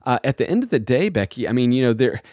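A man's voice: medium pitch, fast, dry recording. A man co-hosting a podcast in casual chat, telling stories and acting out quotes with animation. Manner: animated, storytelling with acted-out quotes. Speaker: podcast co-host.

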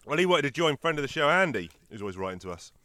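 Bright-voiced chatty man. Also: a little high, very fast, dry recording. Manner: chatty, jokey, animated storytelling. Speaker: podcast co-host. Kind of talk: casual chat.

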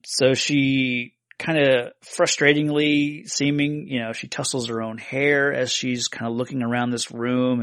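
A man's voice: medium pitch, dry recording, clean studio sound. A man hosting a casual podcast, walking through a film scene step by step in long explanations. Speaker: podcast host.

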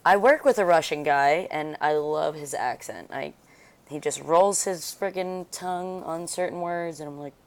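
A woman's voice: low voice, normal speed. A young woman co-hosting a podcast, chatting casually, skeptical, laughing often and swearing casually. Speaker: podcast co-host. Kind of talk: casual chat.

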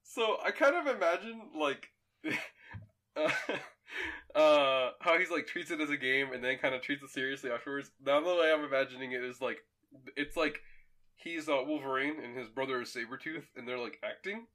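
A young man co-hosting a podcast, telling stories in an animated, laughing way. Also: medium pitch, moderate pace. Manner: animated and laughing, bursts of energetic storytelling. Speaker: podcast co-host. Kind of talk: casual chat.

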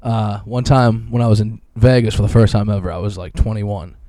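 A man's voice: lowish voice, fairly even intonation, a little fast, warm tone, no room sound, studio quality. A young man, telling stories loosely and profanely as a podcast co-host. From Boston. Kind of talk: casual chat.

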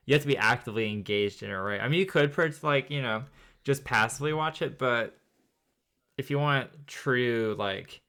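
A man's voice: medium pitch, normal speed, bright, forceful tone, clear, resonant tone. A man co-hosting a faith and film podcast, reflecting at length in a thoughtful, rambling way. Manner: thoughtful, rambling, many fillers. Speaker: podcast co-host. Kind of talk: casual chat.

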